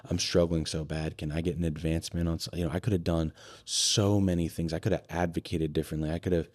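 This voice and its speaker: A man with a very low, deep voice recounts a hard stretch of his life in loose, candid conversation. He swears freely, restarts his sentences often and speaks in a casual, unpolished way. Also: little pitch movement, fast talker, a little mellow. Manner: candid, profane, tells his story with many fillers and restarts. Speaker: podcast guest.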